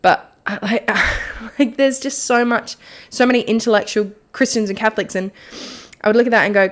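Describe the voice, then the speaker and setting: A woman's voice: on the high side, steady tone, moderate pace. A young woman hosting a solo faith podcast, talking in a rambling, chatty way and laughing at herself. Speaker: podcast host. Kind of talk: casual solo podcast reflection.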